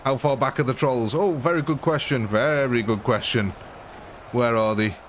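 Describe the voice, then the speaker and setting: A young English man hosting a live game stream, excitable and chatty, laughing often and calling his viewers ladies and gentlemen. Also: mid-range voice, fairly quick, a little hiss or hum. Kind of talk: casual live gaming commentary.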